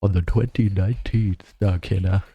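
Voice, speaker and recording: A young man talks through a game as he plays it, with wry, self-mocking remarks. His voice sits fairly low. The sound is dry and close to the mic. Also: fairly even intonation, normal speed, husky, no room sound, muffled recording. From Germany. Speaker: streamer. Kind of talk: casual gameplay commentary.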